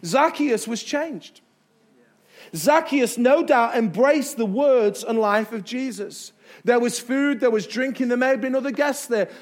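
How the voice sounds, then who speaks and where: A man preaching as a pastor in a church, emphatic, with dramatic pauses and repetition. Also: very high voice. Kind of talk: sermon. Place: church sanctuary.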